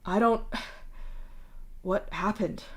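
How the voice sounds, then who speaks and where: A woman voicing a lost, grieving young male ghost who speaks quietly. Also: fairly low pitch, moderate pace, natural voice.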